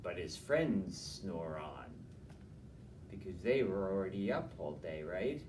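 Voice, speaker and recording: A gentle man reads a children's picture book at an unhurried pace, pausing for friendly asides to his young audience. His voice sounds roomy and comes from some distance off, with a faint room hum behind it. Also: low voice, big pitch swings. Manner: slow, gentle and chatty, adding asides to children. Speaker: library storyteller. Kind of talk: children's story reading. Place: library room. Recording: echoey room, mic from a distance.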